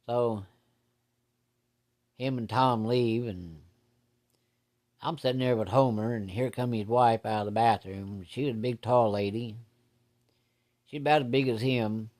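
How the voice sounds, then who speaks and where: A man's voice: mid-range voice, measured pace, long pauses, a little mellow. A man telling a personal story from his childhood in a rambling, folksy, plain-spoken way.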